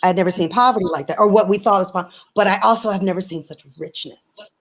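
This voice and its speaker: A woman's voice: mid-range voice, fast, low-quality recording. A woman guest on a video call, speaking earnestly and telling a personal story with many restarts. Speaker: interview guest, singer. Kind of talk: casual conversation.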